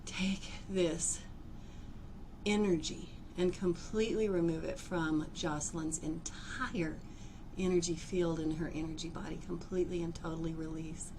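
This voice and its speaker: A woman leading a live energy-healing demonstration, theatrical and expressive, often breaking into laughter. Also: lowish voice, measured pace, background noise. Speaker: energy healer.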